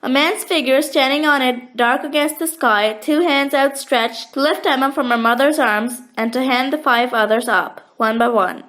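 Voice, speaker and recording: A woman narrating a children's chapter book in a gentle, expressive storytelling manner. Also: high voice, normal speed, hardly any pauses. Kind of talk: audiobook reading of a children's story.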